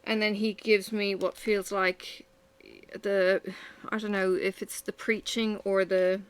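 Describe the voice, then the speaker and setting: A woman's voice: mid-range voice, little pitch movement, slow pace, smooth. A woman chatting at home while she works on a craft, venting candidly about her day with frequent sighs. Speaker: vlogger. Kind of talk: casual chat while crafting.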